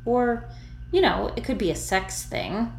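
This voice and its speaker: A woman voicing a blunt, curious young female ghost, pitched up and cheeky, in an echoey room. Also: expressive, measured pace, vocal fry, darkish tone, slight background noise. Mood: teasing.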